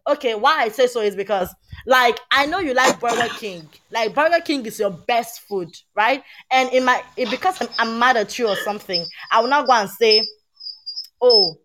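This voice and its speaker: A woman, chatting on a podcast panel and telling a story in an animated, emphatic way. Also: on the high side. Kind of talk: casual chat.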